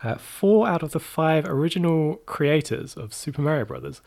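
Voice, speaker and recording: Male co-host, light higher voice, laughs through his lines. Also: animated, normal speed, gravelly, darkish tone. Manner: giggly, hesitant with fillers. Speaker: podcast co-host reading news. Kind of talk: casual chat.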